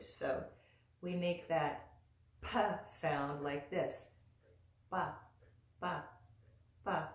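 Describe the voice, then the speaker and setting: A woman teaching mantra pronunciation slowly and patiently, chanting and repeating each sound for the listener to copy. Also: sits low, echoey room. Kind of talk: slow, patient instruction with chanting.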